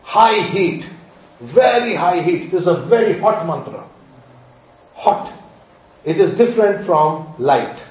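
A male astrology teacher lectures his students emphatically, repeating key points, quizzing them and checking they follow along. His voice sits high and darkish with lively intonation, slow and full of pauses. The room is very echoey, with the mic far away.

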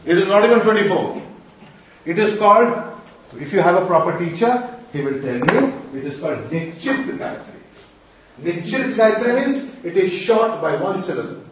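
A man teaching mantras to a group, quizzing his listeners emphatically and chanting verses slowly. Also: sits high, expressive, fairly bright tone. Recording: echoey room, distant mic.

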